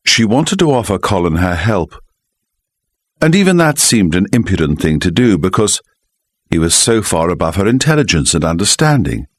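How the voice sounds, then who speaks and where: A man reading a mystery audiobook, telling the story in a measured, expressive manner into a close microphone. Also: deep voice, no echo. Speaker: audiobook narrator. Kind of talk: scripted narration.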